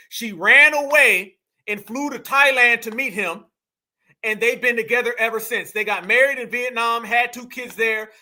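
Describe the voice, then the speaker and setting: American male commentary host with a very high, piercingly bright voice; emphatic, repeats himself, calls his viewers fam. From United States. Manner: emphatic, repeats phrases, addresses the audience as fam. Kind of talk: casual reaction commentary.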